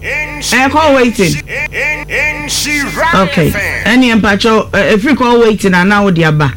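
A woman's voice: medium pitch, expressive, unhurried. A woman hosting a call-in radio show, talking in a scolding, emphatic way.

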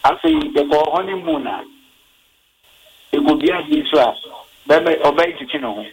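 A man calling in to a radio show and telling a story in an expressive way. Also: normal speed, pauses often, low-quality recording. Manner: storytelling with swooping, expressive pitch. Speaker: caller. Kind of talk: call-in radio chat.

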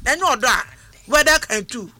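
A Ghanaian woman calling in to a radio show, talking in a lively, expressive way with code-switching. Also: high voice, moderate pace. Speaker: caller. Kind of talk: call-in radio chat.

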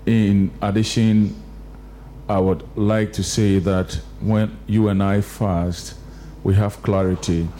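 A man's voice: lowish voice, level tone, slow pace, dark tone, a little hiss or hum. A man, hosting a live church radio broadcast and preaching fervently with repeated emphatic phrases. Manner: fervent exhortation, repetitive rhetorical emphasis. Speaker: radio host.

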